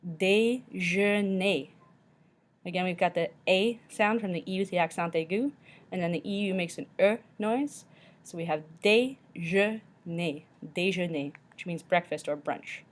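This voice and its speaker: A woman teacher slowly walking through a pronunciation lesson, repeating each word carefully. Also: fairly low pitch.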